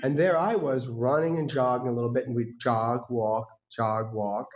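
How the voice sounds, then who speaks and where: A man's voice: mid-range voice, normal speed. Guy telling stories from the stage, keeps laughing and doing other people's voices, kinda muffled lo-fi sound. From United States. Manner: lively storyteller who acts out quoted voices and laughs often. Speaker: guest speaker. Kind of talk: personal storytelling talk. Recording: dull lo-fi recording.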